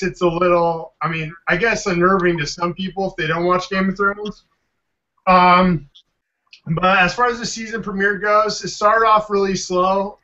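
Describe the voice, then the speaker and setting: A man's voice: high voice, bright, forceful tone. A man hosting a casual podcast panel, rambling with lots of "um" fillers. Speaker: podcast host. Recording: dull lo-fi sound.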